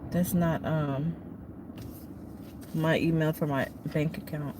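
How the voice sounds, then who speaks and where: A woman's voice: low-pitched, fairly even intonation, slow pace. A woman trucker talking to her viewers on a live stream, emotional and close to tears as she thanks them by name. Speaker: trucker and vlogger. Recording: noisy background.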